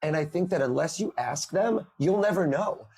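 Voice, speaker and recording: A man on a podcast interview, telling lively stories and acting out the people he quotes. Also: fairly high pitch, moderate pace, breathy edge. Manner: animated storyteller, acts out quoted voices. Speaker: podcast guest, mentalist. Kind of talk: conversational storytelling. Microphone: remote call.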